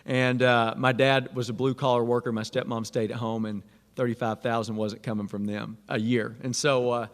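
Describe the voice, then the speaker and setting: A man's voice: medium pitch, flat delivery, moderate pace. Man telling a story in a reverberant hall. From Arkansas. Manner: storytelling, self-deprecating, frequent restarts. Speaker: speaker at a Catholic student event. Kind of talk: casual personal testimony to students.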